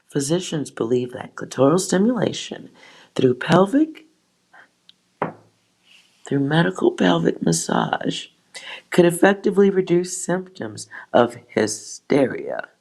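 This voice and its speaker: A woman's voice: sits low, sing-song, a little slow, vocal fry, long pauses, darkish tone. A woman hosting a tarot channel, reading a history text aloud and breaking off with sighs and wry asides. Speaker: tarot reader host.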